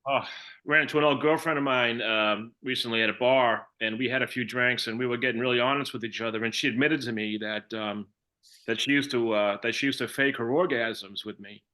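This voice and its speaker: Older man, Boston accent, stand-up comedy, bright forceful voice, deadpan jokes with ums and restarts. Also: medium pitch, fairly quick. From Massachusetts. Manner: deadpan one-liners with many fillers and restarts. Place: online comedy show.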